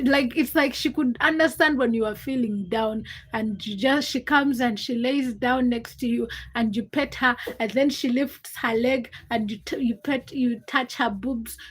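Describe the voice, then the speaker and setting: A woman's voice: fairly high pitch, fairly bright tone, slightly rough, rough recording. A young woman hosting a casual livestream, chatting and rambling to viewers and laughing easily. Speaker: livestream host. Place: Uganda.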